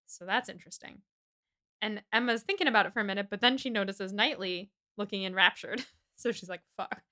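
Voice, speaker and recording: A young woman co-hosting a casual book podcast, retelling a novel's chapters with lots of little character voices. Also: mid-range voice. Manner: animated retelling, acting out characters in quick voices. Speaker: podcast co-host. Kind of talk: casual book-club chat.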